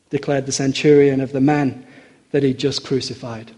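A man delivering a sermon in an earnest, emphatic way. His voice is mellow and a little husky. He slows down when he quotes scripture. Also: medium pitch, steady tone. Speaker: preacher.

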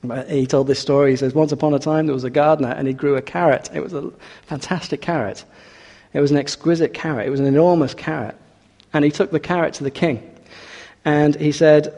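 A man's voice: fairly high pitch, steady tone, a little fast, warm tone. A man preaching a sermon in an earnest way, with rhetorical questions and hesitant restarts. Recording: long hall reverb.

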